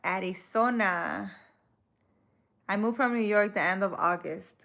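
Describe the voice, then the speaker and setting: Soft-spoken woman, slow easy pace, hesitant, casual live-stream chat. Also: medium pitch, gravelly. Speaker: spiritual reader and healer.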